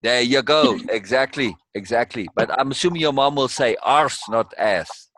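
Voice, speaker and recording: An older man hosting a live reading, chatting casually and then reading narration, animated and quick to laugh. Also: mid-range voice, no room sound. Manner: animated, laughing, repeats himself. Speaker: host and reader.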